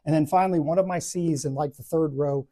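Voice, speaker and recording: Dark-toned man telling a lively classroom story. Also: fairly high pitch, brisk. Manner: animated, acts out voices and laughs at own stories. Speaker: Bible study teacher.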